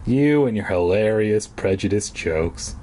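A man's voice: fairly low pitch, animated, measured pace, warm tone. A man reading a children's horror book aloud and breaking off for sarcastic, irreverent asides. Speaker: reader and commentator.

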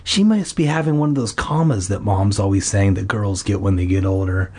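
A man reading aloud and voicing an excited young boy who shouts and pleads in defense of his dog, in a storybook reading. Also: lowish voice, fairly quick, breathy edge, pitched below the performer's own voice. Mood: tender.

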